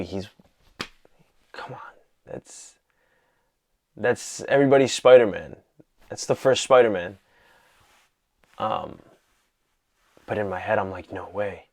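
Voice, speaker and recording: A man casually talking through a film he loved, excited and rambling, full of "you know" and "like". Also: fairly low pitch, creaky. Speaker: vlogger reviewing a film. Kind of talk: casual movie talk.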